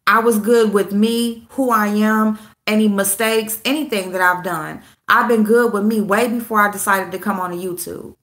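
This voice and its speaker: Woman host, bright and forward, casual livestream chat. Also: mid-range voice, steady tone, normal speed, hardly any pauses. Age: adult with a school-age son. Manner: greets viewers by name, calls them babe; blunt, repeats herself for emphasis.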